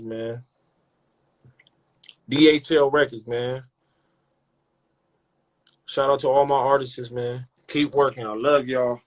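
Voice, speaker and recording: A man's voice: mid-range voice, steady tone, takes it slowly, pauses often. Man hyping a cash giveaway. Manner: loud, profane, repetitive hype talk. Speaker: rap label owner running a giveaway. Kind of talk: hyped social media livestream.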